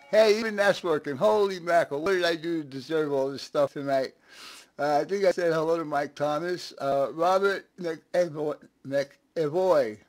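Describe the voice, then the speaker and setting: A man's voice: fairly high pitch, normal speed, faint music behind. A man hosting a casual live stream, chatting, laughing often and greeting viewers one by one.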